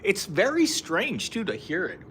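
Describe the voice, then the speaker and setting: Man, live stream chat, rambling with fillers, slightly high pitch, bright tone. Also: wildly swooping pitch, measured pace, slight background noise. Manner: rambling, laughs often, many fillers. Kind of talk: casual chat reading viewer comments. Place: outdoors in a park.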